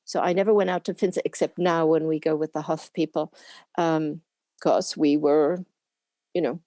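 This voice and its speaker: Older woman telling lively anecdotes. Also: low-pitched, normal speed, dry recording. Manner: lively anecdotal storytelling with laughs; acts out quoted people in put-on voices. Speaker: interview guest, former camera assistant. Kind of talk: casual interview reminiscing.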